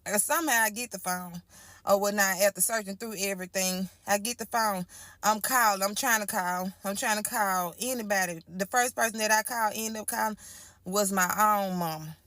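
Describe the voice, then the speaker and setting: A woman's voice: mid-range voice, moderate pace, fairly bright tone, dry recording. A woman giving an emotional first-person account of a frightening night. She talks colloquially, repeats her phrases and speaks to listeners as y'all. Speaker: storyteller giving a testimony.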